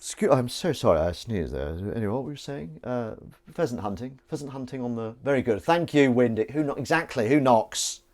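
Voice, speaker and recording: Hosting a livestream from his kitchen, a man chats casually while washing up, joking around and reading out viewer comments in a rambling way. His mid-range voice is expressive, a bit darkish in tone, and fairly quick.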